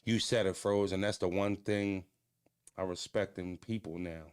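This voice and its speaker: A man hosting a casual podcast, ranting bluntly with profanity, jumping into animated voices and stuttering restarts. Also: deep voice, normal speed, clear, resonant tone, dry recording. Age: adult. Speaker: podcast host.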